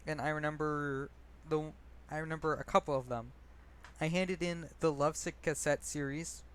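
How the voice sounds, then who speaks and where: Smooth-voiced young man telling rambling stories. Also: on the high side, fairly even intonation, normal speed, fairly bright tone. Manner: rambling, self-deprecating, many fillers and restarts. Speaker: poet reading his own work. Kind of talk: casual storytelling and poetry reading.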